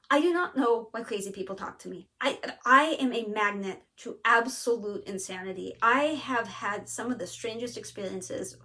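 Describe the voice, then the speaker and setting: A woman hosting a craft video, telling a story in a casual, animated way and acting out what people said. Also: a little high. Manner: animated, lots of "like" and quoted asides. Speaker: flosstube host.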